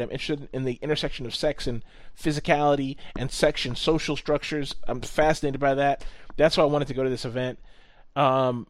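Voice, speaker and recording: A man telling a story in casual chat, animated, swearing often and acting out what people said. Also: mid-range voice, no echo.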